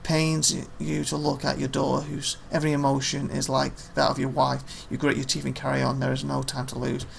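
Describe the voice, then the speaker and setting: A man playing a story game, reading its text aloud plainly with quick offhand comments. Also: mid-range voice, monotone, vocal fry, a little hiss or hum. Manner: reads narration plainly, quick offhand asides. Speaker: let's play host.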